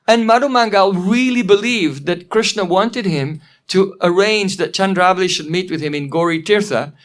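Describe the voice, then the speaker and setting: A man with a fairly high voice leads a storytelling lesson. He retells a drama and stops to explain terms, chuckling along the way. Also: fairly bright tone. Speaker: teacher.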